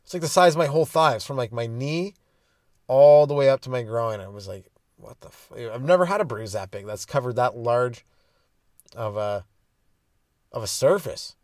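A man's voice: medium pitch, animated, moderate pace, pauses often, darkish tone, no room sound, clean studio sound. A young man who is a stand-up comedian telling rambling, profane childhood stories on his own podcast. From Canada. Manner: loose and profane, hopping between goofy bits and stories. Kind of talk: rambling solo podcast storytelling.

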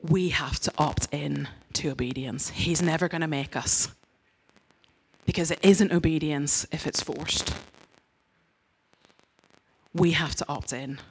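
A woman's voice: deep voice, slow, long pauses, husky. A woman giving a conversational sermon as a church speaker, candid and self-mocking in her stories, earnest and direct in her appeals.

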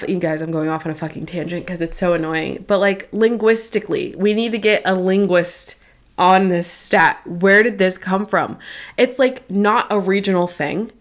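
A woman's voice: lowish voice, moderate pace. Chatty laughing woman podcaster with a Midwestern accent. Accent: Midwestern American. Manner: chatty, laughs often, swears casually, self-deprecating. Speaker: podcast co-host. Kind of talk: casual chat.

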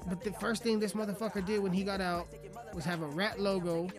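High-voiced man ranting profanely over music. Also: fairly even intonation, a little fast. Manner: aggressive, mocking, heavy swearing. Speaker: rapper. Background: music playing.

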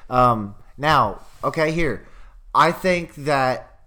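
A man co-hosting a casual sports podcast, animated and profane, acting out quotes as he tells stories. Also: medium pitch, drawn-out words. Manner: animated, swearing, acts out quotes. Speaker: podcast co-host.

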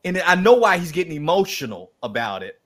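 A man with a fairly high voice speaks as an interview guest. He talks in an animated, preacherly way, leaning hard on his points with emphasis. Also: brisk. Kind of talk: passionate interview conversation.

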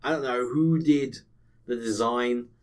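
A man's voice: medium pitch, a little slow, darkish tone. A man in casual chat, blunt and insistent, swearing often.

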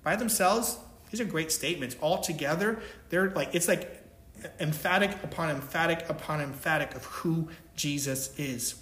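A man's voice: on the high side, normal speed, a bit bright, echoey room. A man preaching a sermon, emphatic, stressing his points and checking in with "right?". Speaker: pastor.

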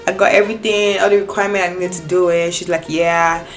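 A young woman telling her viewers a personal story in a casual, animated way, with many restarts and quoted exchanges. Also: lowish voice, fast, soft background music. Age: young adult. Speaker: vlogger.

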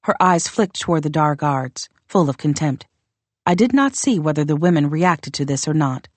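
A woman narrating a fantasy novel in the first person with steady, even storytelling. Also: sits low, normal speed, no room sound. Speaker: audiobook narrator.

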